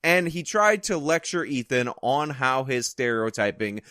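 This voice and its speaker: Sarcastic male commentary host, lively pitch. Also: a little slow, no echo, clean studio sound. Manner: sarcastic, mocking asides. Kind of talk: opinion commentary.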